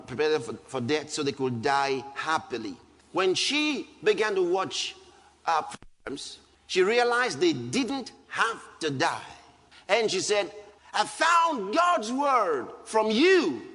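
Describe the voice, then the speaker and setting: A pastor with a Nigerian English accent delivers an emphatic sermon, sinking to a low, calm register before rising into loud outbursts. The sound suggests a big room.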